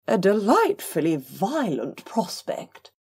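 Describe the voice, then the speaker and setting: Woman voicing a cackling old aunt's head, mocking, slow, husky, storybook. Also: mid-range voice, wildly swooping pitch, a little mellow, voice pushed up, heavily acted. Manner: arch, mocking. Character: cackling old great-aunt, a talking head, relishing violence.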